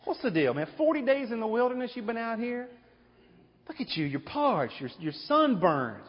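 A preacher playing Satan, a sly taunting tempter. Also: male voice, extremely high pitch, very animated, moderate pace, voice pushed up. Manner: mocking, needling questions. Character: taunting male devil tempter, sly and coaxing. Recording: echoey hall, dull lo-fi sound.

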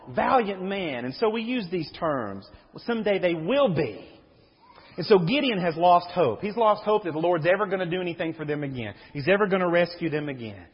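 In a church sanctuary, a man with a high-pitched, slightly rough voice reads Bible passages aloud and explains them to his congregation as he preaches. The sound is dull and reverberant.

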